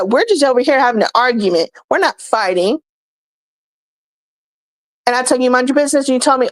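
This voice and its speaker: A young woman with a fairly high voice vents straight into the camera. She scolds bluntly and swears freely, in the loose, heated flow of a commentary vlog. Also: animated, fast, no room sound, low-quality recording. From United States. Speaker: vlogger reacting to comments. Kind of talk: ranting commentary.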